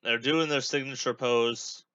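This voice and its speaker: A man's voice: mid-range voice, steady tone, a little slow, a bit bright, no echo, muffled recording. A young man hosting a podcast, rambling casually through a watch-along with lots of filler words. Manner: rambling, many fillers, chatty asides. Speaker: podcast host.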